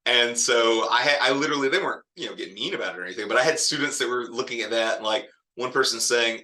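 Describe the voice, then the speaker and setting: A man's voice: mid-range voice, quick pace, hardly any pauses, sharp tone. A man teaching a literature lesson in a casual, digressive way, often chuckling at the story. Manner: chatty, digressive, laughs often. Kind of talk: casual classroom lecture.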